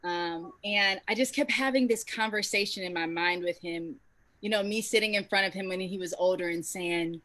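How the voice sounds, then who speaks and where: Heartfelt, bright-voiced woman. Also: mid-range voice, normal speed. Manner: heartfelt, reflective. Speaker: singer and educator. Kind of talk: casual panel chat.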